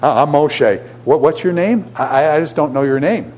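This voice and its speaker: A nervous, hesitant prophet stammers through his words, halting and fumbling with fillers, as a male teacher acts him out. The voice sits fairly high for a man. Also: a little mellow, a little hiss or hum, lightly acted. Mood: flustered.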